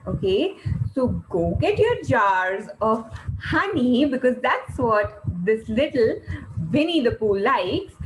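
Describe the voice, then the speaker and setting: A woman teaching an online class for young children, asking quiz questions in an animated, sing-song way and praising often. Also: a little high, a little hiss or hum, low-quality recording.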